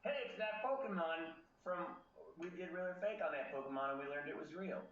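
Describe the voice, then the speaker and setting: A man's voice: a little high, fairly quick, fairly bright tone. A man co-hosting a casual podcast, rambling and full of filler words. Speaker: podcast co-host. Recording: roomy, distant, dull mic.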